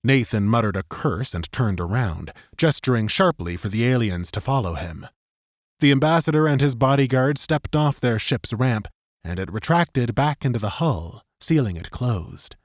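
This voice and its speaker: A man narrating a science fiction audiobook in an expressive scripted style, close to the mic. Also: medium pitch, moderate pace, no room sound.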